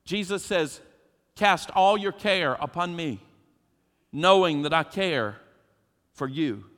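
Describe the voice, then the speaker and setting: A man's voice: a little high, expressive, slow pace, fairly bright tone. A man preaching a sermon as pastor, emphatic and preacherly, putting questions to his congregation. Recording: long hall reverb.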